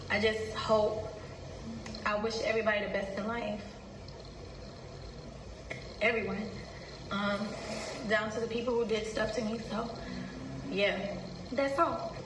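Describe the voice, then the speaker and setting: Young woman, halting and teary, echoey room. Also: on the high side, steady tone, far from the mic, background noise. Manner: halting, full of fillers, soft-spoken. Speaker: vlogger. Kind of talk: emotional personal confession.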